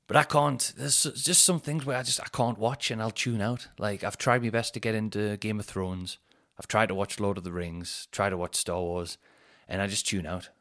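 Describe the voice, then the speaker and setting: Man, podcast host, rambling, self-deprecating, casual swearing, lowish voice. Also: a bit bright. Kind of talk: casual solo chat.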